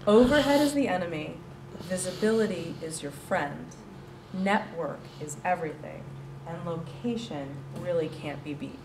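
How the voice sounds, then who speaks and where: Woman presenter, animated and joking, low voice, heard from a distance in an echoey room. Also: normal speed. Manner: chatty, joking, animated, laughs often. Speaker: coworking space director pitching to an audience. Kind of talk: lively presentation. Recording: roomy and distant with faint noise.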